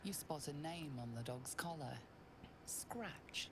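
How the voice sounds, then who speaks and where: A hushed fantasy game narrator, her voice sitting deep and gravelly, each line murmured close like a secret. A steady wash of noise hangs under the game audio. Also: slow pace, full character voice. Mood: ominous. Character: low-voiced female storybook game narrator. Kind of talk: scripted narration.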